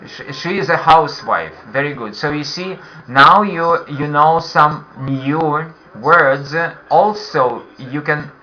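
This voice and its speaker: A man's voice: fairly high pitch, takes it slowly, few pauses, pushed and bright, a little hiss or hum. A man with a Russian accent teaching a beginner English class online, patiently repeating questions for his learners. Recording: dull lo-fi online call audio.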